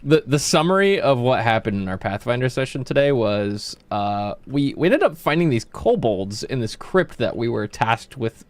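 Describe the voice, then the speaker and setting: A man's voice: medium pitch, sing-song, normal speed, hardly any pauses, no room sound. A man casually chatting on his livestream while gaming, rambling with plenty of fillers, restarts and swearing.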